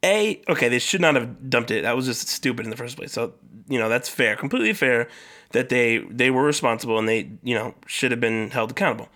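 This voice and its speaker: A young man hosting his own podcast, telling a story in a casual, animated way, swearing freely and acting out the people he talks about. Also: medium pitch, a little fast. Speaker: podcast host.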